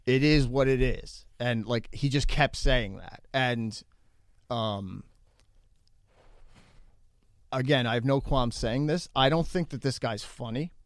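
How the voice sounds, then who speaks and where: A man casually telling a story as a guest, animated and acting out what people said, with lots of fillers. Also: medium pitch, takes it slowly, pauses often, dry recording, clean studio sound. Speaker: comedian guest.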